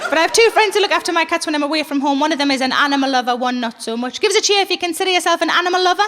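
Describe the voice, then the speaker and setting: A woman's voice: high voice, racing, big-room sound, crowd noise, noisy background. A middle-aged woman performing a stand-up comedy set, telling stories bluntly and swearing freely. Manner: blunt, swearing, animated storytelling. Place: theater stage with live audience.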